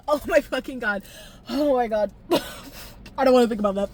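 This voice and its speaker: Young woman, highish voice, swearing, laughing, emotional vlog rant. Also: a little fast, a little hiss or hum. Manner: expressive, profane, laughs often, jumps pitch when excited. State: tearful at times. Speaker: vlogger. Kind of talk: casual animated recap.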